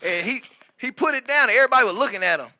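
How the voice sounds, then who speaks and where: A man co-hosting a comedy podcast, telling stories in a casual, animated and profane way and laughing often. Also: extremely high pitch, very fast, no room sound. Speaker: podcast co-host. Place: podcast studio.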